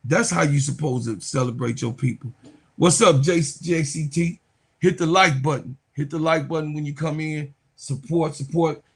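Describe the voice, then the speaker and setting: Male sports vlogger, fairly high pitch and husky voice, slangy and hyped, repeats lines for emphasis. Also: moderate pace. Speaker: sports channel host. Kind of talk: casual sports commentary.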